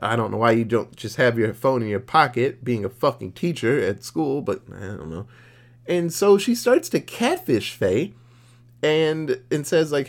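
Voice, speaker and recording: Animated, profane man recapping a movie. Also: mid-range voice, a little slow. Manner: profane, jokey, acts out characters mid-recap. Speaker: podcast co-host.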